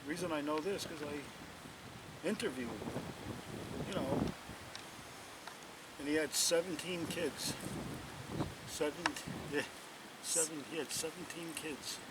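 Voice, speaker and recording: A man's voice: on the high side, slow, long pauses. A man telling a long story in a rambling, casual way, with lots of "you know" and restarts, outdoors at night. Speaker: interviewee telling a local story. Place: outdoors at night near a bonfire. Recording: distant mic, loud wind and outdoor noise.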